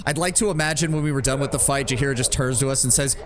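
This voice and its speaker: A man's voice: medium pitch, rapid-fire, background noise. A man giving chatty, joking commentary while streaming a video game. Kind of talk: live gameplay commentary.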